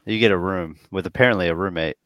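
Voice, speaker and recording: A man's voice: low-pitched, fast talker, a bit bright, no room sound, low-quality recording. A man who is a guest on a podcast, chatting casually and mostly answering with short agreements. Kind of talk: casual chat.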